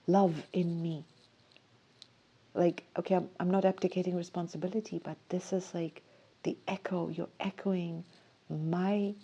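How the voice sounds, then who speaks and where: A woman hosts a casual solo talk, speaking softly and dreamily as she rambles through her thoughts. Her voice is mellow and warm, sitting a little low, and she often breaks off to restart a sentence. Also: husky, dull audio. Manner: dreamy, rambling, soft-spoken with self-interruptions. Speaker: host. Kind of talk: casual musing monologue.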